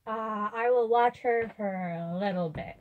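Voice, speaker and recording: A woman's voice: medium pitch, measured pace, phone-quality sound. A woman playing a tabletop game casually and asking many curious questions. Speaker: player.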